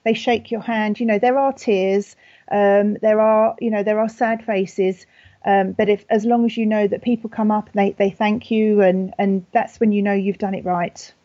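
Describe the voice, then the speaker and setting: A British woman working as a funeral celebrant answers questions in a calm, gentle voice. Her tone is warm and mellow, with frequent ums and small restarts as she thinks. The recording is dry and a little dull. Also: mid-range voice, normal speed, dry recording. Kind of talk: conversational podcast interview.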